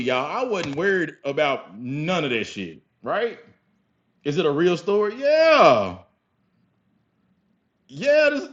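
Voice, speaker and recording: A young man telling a story casually to his viewers, animated and profane, often calling them y'all. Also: fairly high pitch, takes it slowly. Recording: slightly dull lo-fi sound with faint music.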